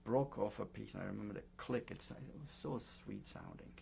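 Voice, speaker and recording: An older man recounting his memories in an oral history interview, speaking in a halting way with many pauses and fillers. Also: on the low side, expressive, gravelly, a little mellow, slight background noise. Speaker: Holocaust survivor giving testimony.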